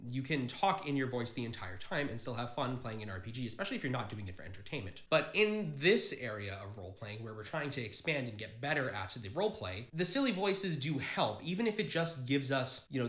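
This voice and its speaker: A man's voice: medium pitch, expressive, a little fast, hardly any pauses, a bit bright. A man hosting a tabletop gaming channel, explaining to camera in an earnest, encouraging way and talking straight to his viewers. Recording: roomy echo.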